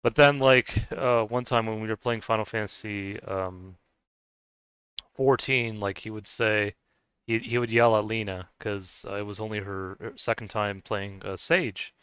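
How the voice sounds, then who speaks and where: A man's voice: on the low side, fairly even intonation, measured pace, a bit bright, clean tone, no room sound, poor audio. A man streaming a game, chatting casually to viewers and rambling with many restarts. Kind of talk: casual chat while gaming.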